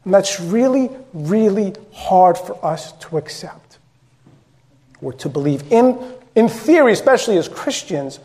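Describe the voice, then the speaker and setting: A man's voice: high voice, animated, unhurried, a little mellow. A male pastor preaching a sermon in a conversational, direct way, repeating phrases for emphasis.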